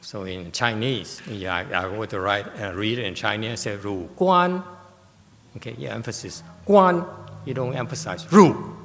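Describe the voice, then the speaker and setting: A man giving a Buddhist Dharma lecture, explaining slowly and deliberately and taking questions from listeners. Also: lowish voice, vocal fry, sharp tone, big-room sound. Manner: slow, deliberate, explaining with emphasis. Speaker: Buddhist teacher. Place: meditation hall.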